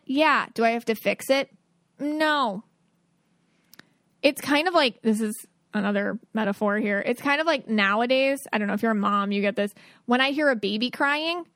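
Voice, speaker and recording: A woman's voice: fairly high pitch, fairly bright tone, no echo, clean studio sound. A woman in her thirties hosting a podcast, giving earnest, chatty advice in a casual, rambling way. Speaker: podcast host. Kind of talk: casual solo podcast talk.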